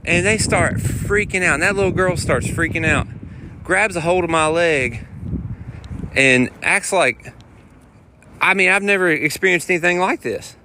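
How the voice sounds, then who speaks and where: A man, a touring guitar player, telling road stories in a rambling, animated way while walking outdoors. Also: sits high, measured pace, long pauses. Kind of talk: casual vlog storytelling. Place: outdoors on city streets. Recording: outdoor street noise and wind.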